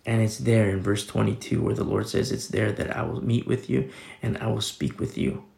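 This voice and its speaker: A man's voice: fairly low pitch, normal speed, vocal fry, a little mellow, echoey room. A man preaching a sermon in a casual, conversational way, reading scripture and explaining it with everyday fillers. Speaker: pastor.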